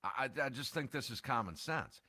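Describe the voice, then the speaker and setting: A man's voice: medium pitch, expressive, a little fast, sharp tone, dry recording, studio quality. A man co-hosting a sports radio show in casual talk, ranting and firing off rhetorical questions.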